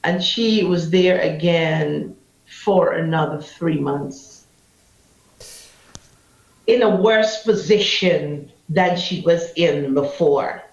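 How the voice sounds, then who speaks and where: A woman's voice: sits low, slow, vocal fry. Impassioned Guyanese woman telling a story. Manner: impassioned, vivid storyteller acting out quotes. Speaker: anti-trafficking activist. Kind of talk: emotional personal storytelling interview. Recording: roomy, slightly muffled.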